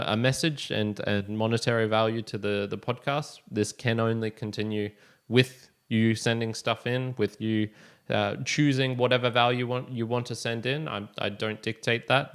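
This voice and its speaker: A man's voice: mid-range voice, a bit bright, smooth. A young man hosting a solo podcast, talking casually and rambling with frequent restarts and chuckles. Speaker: podcast host.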